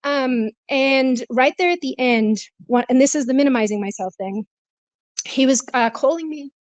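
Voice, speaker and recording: A woman's voice: sits high, moderate pace, no room sound, highs cut off. A woman talking candidly and emotionally as a guest, laughing now and then, stressed and short of breath. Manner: emotional, confessional, laughs often. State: stressed, out of breath while walking. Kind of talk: candid conversation. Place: walking, then sitting, on a remote call.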